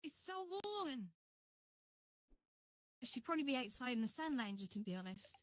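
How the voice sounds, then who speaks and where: A woman's voice: sits high, sing-song, normal speed, dry recording. A woman chatting on a live stream as she builds, rambling and greeting viewers while she works. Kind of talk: casual live-stream chat.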